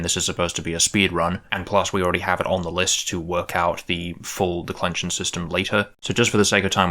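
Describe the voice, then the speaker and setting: A man's voice: low-pitched, a bit bright. A man explaining a language-building project in a musing, tentative way, thinking aloud and correcting himself as he goes. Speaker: conlang creator.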